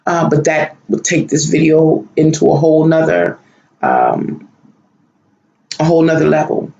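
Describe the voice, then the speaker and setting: A man's voice: a little high, animated, vocal fry, a little mellow, highs cut off. Emotional man musing in an echoey room. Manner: emotional, searching, repetitive, halting. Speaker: spiritual vlogger. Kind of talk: personal monologue about a dream.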